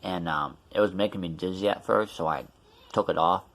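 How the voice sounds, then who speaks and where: A man with a deep, low-pitched voice tells a story in a casual vlog. He rambles and restarts, with plenty of ums, and his mouth is still numb from the dentist. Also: brisk, fairly bright tone. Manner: rambling, many fillers and restarts. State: mouth numb after tooth extraction. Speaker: vlogger.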